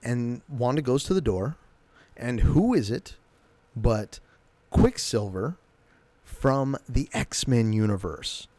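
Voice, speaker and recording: A man's voice: medium pitch, expressive, slow pace, long pauses, dark tone, dry recording. Enthusiastic man recapping an episode, dry sound. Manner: enthusiastic, retells scenes loosely. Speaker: show recap host.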